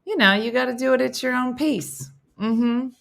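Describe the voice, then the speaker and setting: A woman hosting a casual live chat from her home, answering viewer comments in an animated, chatty way. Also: sits high, normal speed, vocal fry. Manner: animated and chatty, jumping between stories and asides. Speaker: host of a live chat show. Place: at home, indoors, with her dogs.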